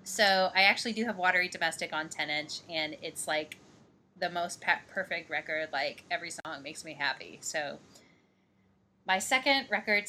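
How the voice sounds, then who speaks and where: A woman's voice: lowish voice, bright, forceful tone. A woman from Missouri in her thirties, co-hosting a podcast in casual chat, giggly and rambling with fillers. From Missouri, USA. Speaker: podcast co-host.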